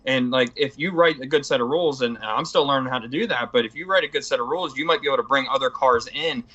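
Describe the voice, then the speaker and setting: A talkative man with a bright, forceful tone who rambles eagerly, stacking up filler phrases as he chats. His voice comes through a dull, lo-fi recording. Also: mid-range voice, quick pace. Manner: rambling, eager, heavy on "you know". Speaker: guest. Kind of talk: casual chat.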